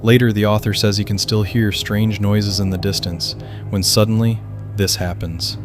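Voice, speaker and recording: Low-voiced man narrating with music. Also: level tone, moderate pace. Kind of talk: scripted narration.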